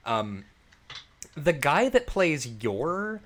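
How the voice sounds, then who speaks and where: A man's voice: on the high side, big pitch swings, drawn-out words, a bit bright. A man in his thirties in casual movie review chat, jokey and swearing, acting out scenes as he talks. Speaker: podcast co-host.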